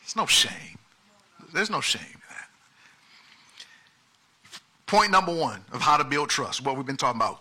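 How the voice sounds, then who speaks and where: A pastor preaching a lively sermon, shifting from quiet asides to loud, emphatic calls. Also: male voice, fairly high pitch, moderate pace, long pauses.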